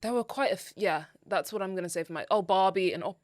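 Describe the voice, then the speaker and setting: A woman co-hosts a podcast in loose, rambling chat full of fillers and restarts. Her voice sits at an ordinary pitch. The sound is close and dry, with no room echo. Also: fast. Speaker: podcast co-host. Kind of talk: casual chat.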